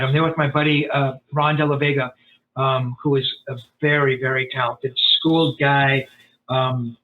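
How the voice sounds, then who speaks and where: A man telling stories as a podcast guest in a rambling, animated way, full of fillers and restarts. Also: on the high side. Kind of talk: storytelling in a casual interview. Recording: tinny phone-like line.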